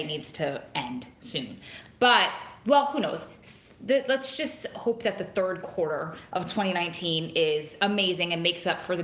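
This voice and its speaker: A chatty woman talks into her phone on a live stream and rambles from one thing to the next. Her voice is bright and forward. The room around her is echoey. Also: fairly low pitch. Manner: greets viewers by name, chatty and rambling. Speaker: vlogger hosting a live stream. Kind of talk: casual live-stream chat. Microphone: phone camera.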